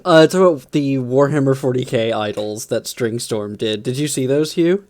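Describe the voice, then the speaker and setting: A man's voice: medium pitch, moderate pace, darkish tone. A man hosting a streamed tabletop game as game master, chatting casually and enthusiastically, rambling with many restarts.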